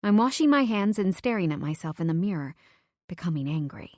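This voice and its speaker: A woman's voice: on the low side, sing-song, fairly quick, darkish tone, no echo. A young adult woman narrating a first-person romance audiobook in an emotive, confessional way on a close studio mic.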